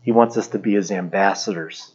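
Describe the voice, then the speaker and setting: A man's voice: low-pitched, fairly quick, slightly rough, muffled recording. A middle-aged male pastor giving a sermon in a conversational, plainspoken way.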